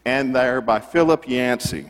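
A middle-aged man preaching a sermon, conversational and animated, full of rhetorical questions. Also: mid-range voice, measured pace, big-room sound. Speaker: pastor.

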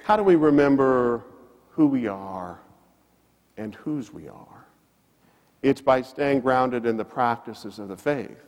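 A man preaching from the pulpit of a church. His voice is animated and full of swings in pitch as he tells a story and drives his points home. Long reverb from the hall trails after each phrase. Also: slow, pauses often. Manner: storytelling preacher, rises and falls for emphasis. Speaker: pastor. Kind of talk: sermon.

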